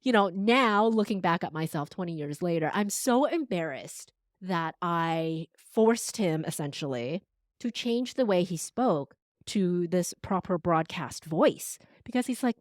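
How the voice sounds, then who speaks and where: A woman's voice: on the low side, normal speed, no room sound, studio quality. A woman in her forties, a podcast strategist and voice coach, telling stories with animation as a guest in a conversational interview. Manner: animated storyteller, acts out voices.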